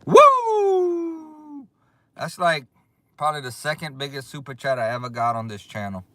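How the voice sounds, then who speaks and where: A man hosting a casual livestream, excitable and drawling as he thanks his viewers over and over. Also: mid-range voice, fast talker, no echo. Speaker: livestream host. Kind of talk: casual live chat. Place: outdoors.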